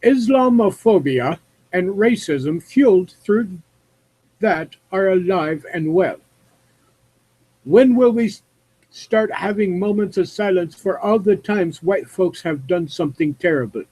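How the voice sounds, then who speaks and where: A man doing a put-on accent that sends up a male campus official, read in a mocking tone. The voice sits a little higher than his usual one and keeps a husky edge. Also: animated, measured pace, a little mellow, full character voice, low-quality recording.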